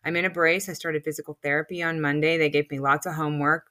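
A woman's voice: low voice, fairly even intonation, fast talker, a bit bright. A woman in her sixties co-hosting a podcast in casual chat, rambling and emotional with many fillers, with a slight lisp from a new retainer. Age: 60s. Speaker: podcast co-host.

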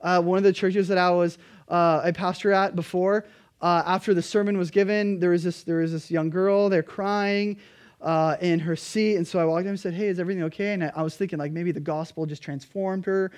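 A man, a pastor, preaching a sermon, emphatic and pleading at times, then quietly earnest. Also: high voice, fairly even intonation, moderate pace.

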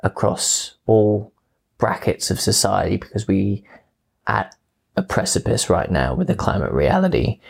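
A man in his twenties, from England, answering interview questions casually and telling stories with lively quoted voices. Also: on the low side, unhurried, vocal fry, slightly rough. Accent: English with Australian touches. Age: 20s. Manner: animated storytelling with playful quoted voices. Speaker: guest.

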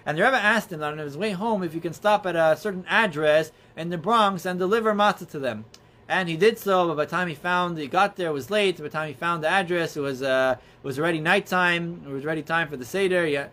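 A man earnestly telling religious stories as a teacher, in a halting, storytelling way. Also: fairly high pitch, sharp tone. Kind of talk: storytelling talk.

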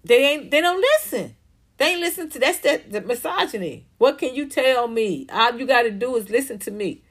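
A woman's voice: on the high side, expressive, normal speed. A woman hosting a livestream in a casual commentary style. She reads viewer comments aloud and answers them bluntly and emphatically, with plenty of profanity. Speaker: livestream host reading chat comments.

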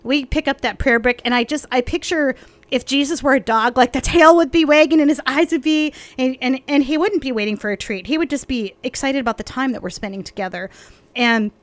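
A woman's voice: high-pitched, brisk, dry recording. A woman co-hosting a faith podcast, talking in an effusive, emotional way with frequent laughter.

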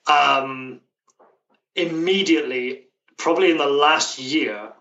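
British man, bright voice in an echoey room. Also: fairly high pitch, slow pace, gravelly, lo-fi sound. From Britain. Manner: thoughtful, many restarts and hedges. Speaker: guest, language coach. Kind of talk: casual interview conversation. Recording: echoey room, distant mic.

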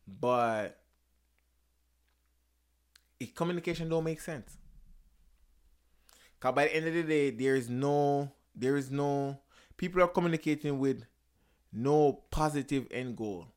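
A young man holds forth on relationships in loose, casual talk, swinging between heated emphasis and quieter stretches. His voice sits at an ordinary middle pitch, and he keeps restarting sentences and hunting for the right word. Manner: animated, emphatic, swears and repeats himself; searches for words, frequent restarts. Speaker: podcast host.

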